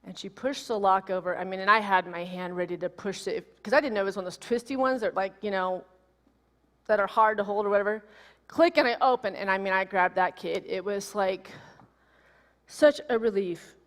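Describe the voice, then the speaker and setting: A woman minister in her forties giving a sermon, telling a personal story in an animated, emotional way. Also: medium pitch, fairly quick. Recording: long reverb of a large hall.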